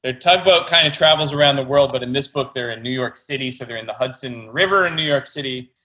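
A man's voice: medium pitch, fast talker, bright, forceful tone, rough recording. A man, a children's book author, chatting enthusiastically as an interview guest. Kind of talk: casual interview talk.

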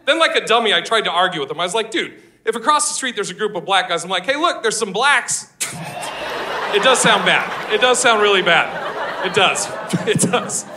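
A man doing a stand-up comedy set on a live stage, loud and brash, swearing and laughing at his own jokes. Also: high-pitched, expressive, moderate pace, noisy background. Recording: live show with audience laughter.

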